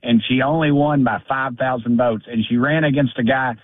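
A man's voice: medium pitch, fairly even intonation, moderate pace, no room sound. Fiery congressman over a tinny phone line. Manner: fiery, folksy, stumbling restarts. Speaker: congressman calling in. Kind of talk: call-in radio talk.

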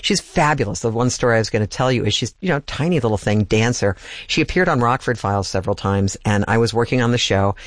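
A man's voice: medium pitch, animated, fast talker, no echo. An older man hosting a music radio show, chatting and telling stories loosely and correcting himself as he goes. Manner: rambling, corrects himself mid-thought. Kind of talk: casual storytelling between music.

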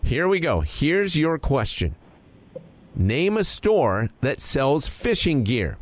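A man's voice: a little high, very animated, takes it slowly, slight background noise. A man hosting a radio quiz game, bantering playfully and laughing often. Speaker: radio show host running a quiz game.

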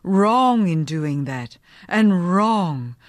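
A woman's voice: fairly low pitch, lively intonation, very slow, no room sound, studio quality. A woman voicing a stern, zealous middle-aged male preacher who speaks in a fervent, sermonizing way. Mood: despairing.

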